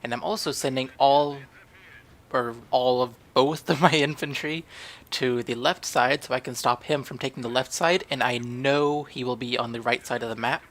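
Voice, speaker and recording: A man's voice: medium pitch, steady tone, normal speed, a bit bright. A young man casually narrating a strategy game match he recorded, rambling and questioning his own moves as he goes. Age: young adult. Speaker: gaming channel host. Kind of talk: gameplay commentary.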